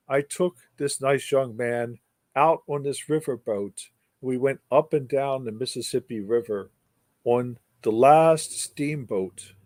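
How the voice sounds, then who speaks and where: An older man, a guest in an interview, spins a long anecdote with wry humor, animated and leaning on emphatic repeated words. His middle-pitched voice is recorded dry and close, with no room sound.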